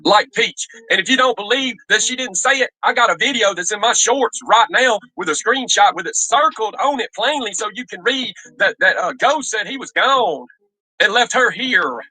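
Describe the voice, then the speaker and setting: A man's voice: high-pitched, lively intonation, moderate pace, pushed and bright, dry recording, rough recording. A man on a stream panel, arguing in a confrontational, profane way. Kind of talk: heated panel argument.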